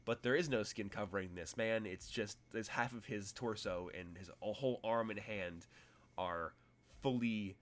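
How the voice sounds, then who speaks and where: Low-voiced man running a tabletop game. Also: bright, forceful tone. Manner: rambling, vivid descriptive narration. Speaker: game master. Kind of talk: narrating a tabletop role-playing game.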